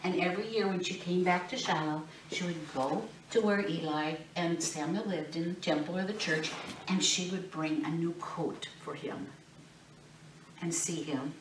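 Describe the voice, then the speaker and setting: A woman's voice: lowish voice, moderate pace, slight background noise. A woman telling a Bible story to children, acting out the voices and asking the children questions. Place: classroom or church room. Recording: echoey room, recorded from a distance.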